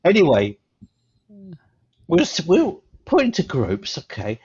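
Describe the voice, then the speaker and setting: A man co-hosting a podcast, telling rambling stories in a casual chat that grow animated. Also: a little high, measured pace, slightly rough. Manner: rambling storyteller, animated when telling a story. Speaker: podcast co-host. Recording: slightly dull lo-fi sound.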